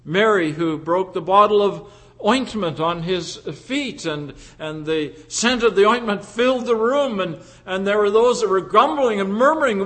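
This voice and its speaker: A man preaching a sermon in an earnest, measured way, repeating key phrases for emphasis. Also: high voice, a bit bright.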